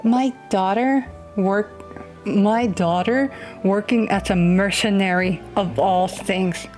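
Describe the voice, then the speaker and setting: A woman voicing a worried, loving father in a game, low, slow and soft. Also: fairly even intonation, faint music behind, close to an everyday voice. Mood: tender, worried. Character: worried middle-aged father, gentle and loving.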